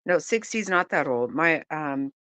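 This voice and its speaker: A woman's voice: deep voice, animated, measured pace, fairly bright tone, dry recording. A middle-aged woman hosting a casual live-stream chat, laughing often and exclaiming in disbelief as she reads and reacts.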